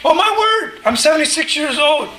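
A man's voice: very high-pitched, expressive, normal speed, bright, forceful tone, echoey room, a little hiss or hum, voice pushed up, exaggerated voice. A man voicing a frustrated elderly woman with exasperated, complaining talk during a sermon.

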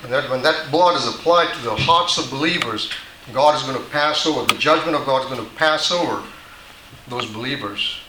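A man's voice: mid-range voice, a little fast, reverberant, background noise. A man preaching a sermon, teaching patiently and often restarting his sentences. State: dry mouth. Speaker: pastor.

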